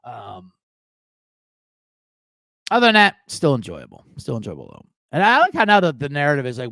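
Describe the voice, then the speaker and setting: A man's voice: on the high side, wildly swooping pitch, normal speed, pauses often, pushed and bright, no room sound, clean studio sound. A middle-aged man hosting a live sports betting show, rambling in a jokey, profane way. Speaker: sports betting podcast host. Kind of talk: casual live show chat.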